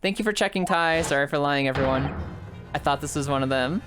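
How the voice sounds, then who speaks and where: A woman's voice: deep voice, brisk, over music. A woman streaming a game live, chatting with viewers, laughing often and swearing freely. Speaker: VTuber streamer. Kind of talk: live gameplay commentary with chat.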